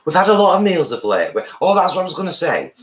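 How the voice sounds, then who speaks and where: A man's voice: a little high, huge pitch swings, quick pace. A man, chatting casually and jokily while eating on a live stream, with cutlery clinking behind him. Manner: playful, jokey, affectionate. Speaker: co-host.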